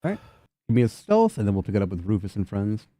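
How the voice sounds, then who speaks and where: A young man narrating a tabletop game as game master, rambling casually and filling pauses with "like". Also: on the low side, big pitch swings, warm tone, no echo, clean studio sound. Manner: loose, rambling narration with many fillers.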